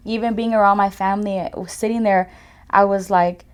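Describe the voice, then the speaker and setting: A woman's voice: mid-range voice, fairly even intonation, brisk, smooth. Woman telling her life story casually. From California. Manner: conversational, many fillers like "like" and "you know". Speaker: podcast guest sharing her testimony. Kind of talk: personal testimony in casual conversation.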